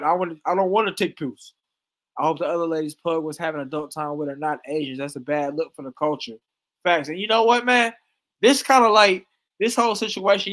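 A man giving joking, animated reaction commentary as a stream host, laughing often. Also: fairly high pitch.

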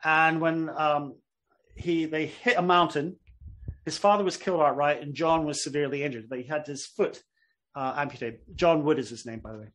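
A man's voice: fairly high pitch, normal speed, fairly bright tone. Chatty male professor giving a talk. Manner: conversational, checks in with "okay?". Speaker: lecturer, professor. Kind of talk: public lecture, storytelling.

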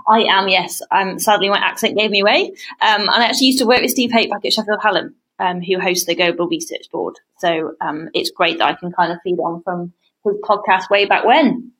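Female researcher guest, British accent, mid pitch, thoughtful explanations. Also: a little fast, fairly bright tone, low-quality recording. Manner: thoughtful, many "um" and "kind of". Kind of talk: explanatory interview answers.

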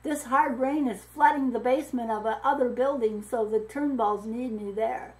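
A woman's voice: on the high side, normal speed, darkish tone, lightly acted, rough recording. A woman voicing a cheerful, welcoming man in a read-aloud story. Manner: hearty, welcoming. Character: cheerful grown man, a missionary helper.

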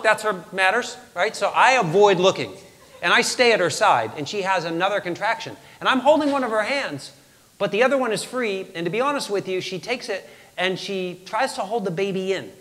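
A man giving a motivational talk on stage, telling a personal story in an animated, self-deprecating way and acting out his own lines. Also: sits high, big-room sound. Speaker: motivational speaker.

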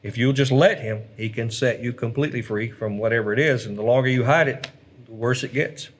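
A man's voice: medium pitch, brisk, slight background noise. A man, a pastor, chatting earnestly on a church livestream and reading viewer comments aloud. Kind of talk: casual church livestream chat.

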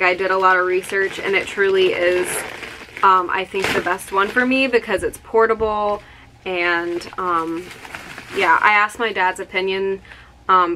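A woman in her early twenties chatting through an excited unboxing vlog, gushing with many exclamations. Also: medium pitch, a little hiss or hum. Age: 20s. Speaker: vlogger. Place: home room with outdoor yard noise.

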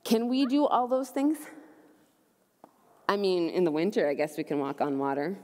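A young adult woman leads a children's message in church, upbeat and gentle, asking the kids simple questions. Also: lowish voice, moderate pace. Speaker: children's ministry leader. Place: church sanctuary. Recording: long church reverb.

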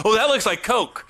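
A man's voice: high-pitched, noisy background. A man hosting a comedy podcast, joking, swearing and laughing a lot in casual chat.

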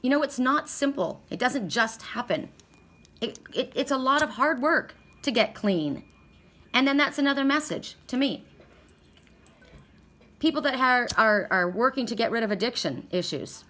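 A woman's voice: on the high side, expressive, unhurried, pauses often, sharp tone. A woman with a sore throat giving a casual, rambling oracle card reading, stressing her points with many restarts.

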